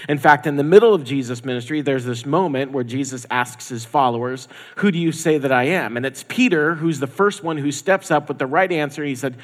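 A pastor giving a conversational sermon, acting out the people in the story in quoted voices. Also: male voice, fairly high pitch, normal speed, few pauses. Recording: long hall reverb.

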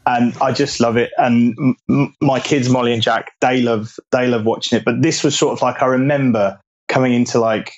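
A man's voice: mid-range voice, steady tone, moderate pace, highs cut off. A man from England, a podcast guest, reminiscing fondly and meanderingly in casual chat. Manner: fond, meandering recollection.

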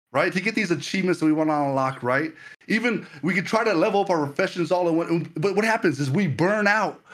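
A man's voice: high-pitched, fairly bright tone. A man preaching a sermon to a livestream audience, earnest and full of stammered repetitions.

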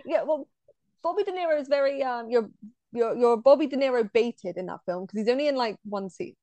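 High-voiced, excitable woman co-host. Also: brisk, dry recording, lo-fi sound. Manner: enthusiastic, gushing, laughs often. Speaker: podcast co-host. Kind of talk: casual podcast chat about films.

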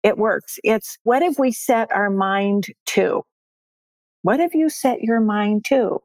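A woman's voice: mid-range voice, slow, a little mellow, no room sound. An older woman, a success coach, speaking as a podcast guest in an upbeat, emphatic way and repeating her key phrases. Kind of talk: podcast interview.

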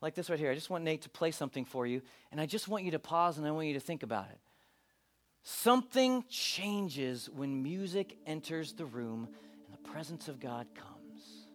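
A pastor preaching a sermon, moving between hushed, intimate moments and loud, animated bursts. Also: male voice, fairly high pitch, normal speed. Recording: preaching over live keyboard music.

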